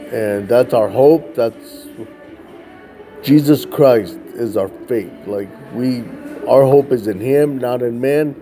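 A man telling a story casually, lively and full of "like" fillers, with soft music faintly behind him. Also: mid-range voice, slow. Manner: animated, acts out the children's voices, frequent "like" fillers. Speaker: ministry worker telling a story.

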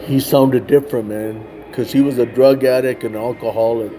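Mellow-voiced man telling a testimony. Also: medium pitch, fairly even intonation, normal speed, faint music behind. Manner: casual, repeats "man" and "like", acts out quoted voices. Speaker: street evangelist. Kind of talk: testimony storytelling.

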